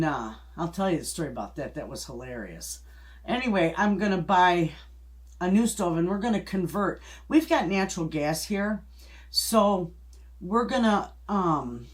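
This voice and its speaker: With a lowish voice, a middle-aged woman hosts a homestead channel and chats casually. Her storytelling is folksy and rambling, full of restarts and little chuckles.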